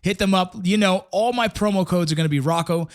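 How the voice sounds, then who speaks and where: A man's voice: high voice, brisk, clean tone. Easygoing man hosting a podcast. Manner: relaxed, swearing, laughing often. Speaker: podcast host. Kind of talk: casual chat with sponsor reads. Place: office.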